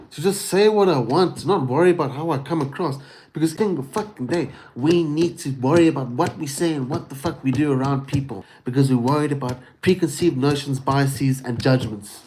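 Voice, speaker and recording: A man ranting on his own livestream in a loose, unfiltered monologue. He is very expressive, swears often and drops "dude" and "bro" into nearly every thought. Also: a little high, fairly quick.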